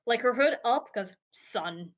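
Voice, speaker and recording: Chatty, joking woman player with a slightly high voice. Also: expressive, slow. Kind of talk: casual chat at a tabletop game.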